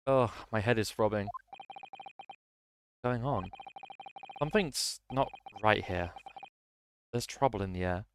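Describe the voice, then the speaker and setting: A man's voice: fairly low pitch, a little slow, pauses often, slight background noise. A man reading a game aloud as a bewildered young man, stammering and flustered.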